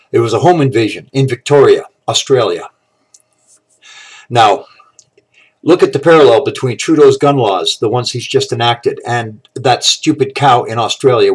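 A man in an angry monologue to camera, ranting with outrage and strong profanity. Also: medium pitch. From Canada. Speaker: political commentator.

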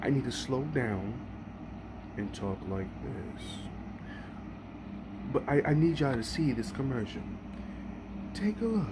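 Animated man with a noisy background. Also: mid-range voice, moderate pace. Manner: animated, repeats himself, stumbles over words. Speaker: vlogger. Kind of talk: casual reaction commentary.

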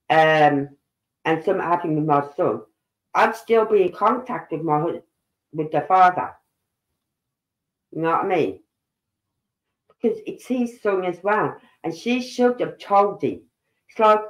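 Brief: woman, 50s, true-crime live streamer, opinionated and indignant, roomy echo. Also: fairly low pitch. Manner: indignant, opinionated, talks straight to viewers. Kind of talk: casual live commentary.

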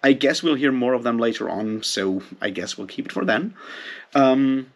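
A man giving a casual spoken book review, ranting in a heated, profane way. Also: mid-range voice.

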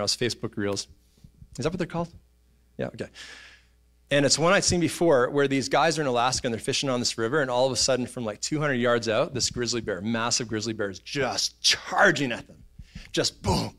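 Animated pastor telling a story. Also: male voice, medium pitch. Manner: animated storyteller, acts out voices and sounds. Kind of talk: casual sermon storytelling. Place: church auditorium.

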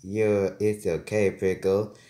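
A man voicing a patient clay boy toy in a hobby play-acting video, speaking gently and simply to calm a friend down. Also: fairly low pitch, slow. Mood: soothing. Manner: gentle, calming, simple phrasing. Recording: echoey room.

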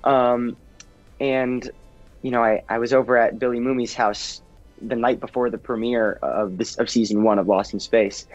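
A man's voice: mid-range voice, steady tone, moderate pace. Earnest teen boy, lo-fi interview sound. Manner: earnest, with frequent ums and restarts. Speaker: actor guest. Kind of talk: casual interview chat. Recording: dull lo-fi sound with faint music.

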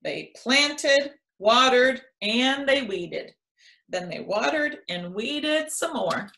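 A woman educator reading a children's picture book aloud in an expressive storytelling manner. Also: high-pitched, slow.

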